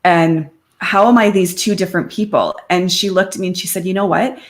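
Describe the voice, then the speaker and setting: A woman's voice: on the low side, fairly quick. A middle-aged woman, a podcast guest, speaking openly and conversationally about her life. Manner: open and conversational, quotes friends in lively voices. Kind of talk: candid personal interview.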